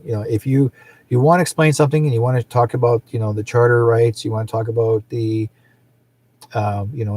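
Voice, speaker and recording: A man's voice: medium pitch, warm tone, husky. A middle-aged man hosting a psychic show, talking in a rambling, casual way and often laughing. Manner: rambling, chatty, laughs often, acts out quoted people. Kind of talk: casual livestream chat.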